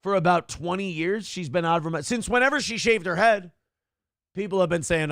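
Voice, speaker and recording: A man's voice: high-pitched, a little fast, fairly bright tone, dry recording. A male morning show host giving comedic, ranting commentary, sarcastic and profane as he mocks celebrities, on a close mic.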